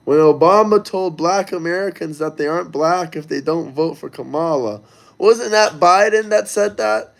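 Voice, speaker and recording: A man with a high-pitched voice hosts a casual livestream. He talks loosely and crudely, speaking directly to the people in his chat and reading their messages out. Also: normal speed, creaky.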